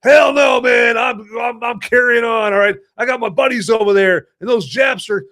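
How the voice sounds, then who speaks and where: A man voicing a wounded male Marine sergeant who refuses to leave the fight, with shouted bravado. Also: very high-pitched, normal speed, pitched above the performer's own voice. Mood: defiant. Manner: shouting, brash battlefield bravado.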